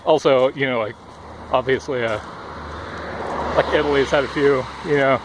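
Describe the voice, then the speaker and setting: Out of breath and full of filler words and curses, a young man rambles through a casual vlog monologue next to a busy road. His medium-pitched voice is steady at normal speed, caught on a headphone cord mic with cars passing faintly behind.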